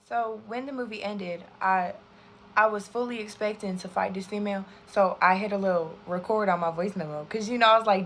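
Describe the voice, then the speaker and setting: A young woman in her twenties spins a storytime for her viewers while putting on makeup. She is lively and swears constantly, chatty and expressive. Her voice sits at a middling pitch for a woman. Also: moderate pace, slight background noise. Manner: animated, profane, chatty, addresses viewers as y'all. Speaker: storytime creator.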